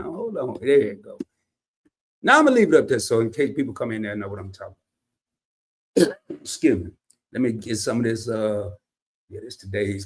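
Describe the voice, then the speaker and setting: A man hosting a casual livestream, reading viewer comments in a folksy, slangy, animated way. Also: a little high, husky. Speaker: livestream host.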